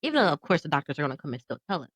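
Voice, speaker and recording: A woman's voice: sits low, very animated, very fast, breathy edge, dry recording, rough recording. A woman in her thirties co-hosting a podcast, recounting a personal story with candid emotion. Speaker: podcast co-host. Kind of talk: casual podcast conversation.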